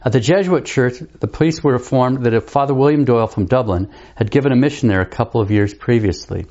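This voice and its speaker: A man narrating a story in a measured, solemn reading manner. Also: medium pitch, a little mellow, lo-fi sound.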